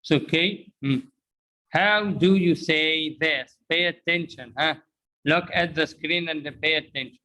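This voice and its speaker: A man's voice: a little high, slow, pushed and bright, poor audio. A man teaching English pronunciation, drilling phrases and asking learners to repeat after him, mixing in Arabic explanations. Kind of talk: interactive language lesson.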